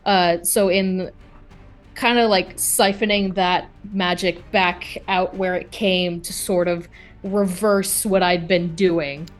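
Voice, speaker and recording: A woman's voice: fairly low pitch, fairly even intonation, slow pace, faint music behind. A woman playing a tabletop game, explaining her moves in a hesitant way, full of fillers and restarts. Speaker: player.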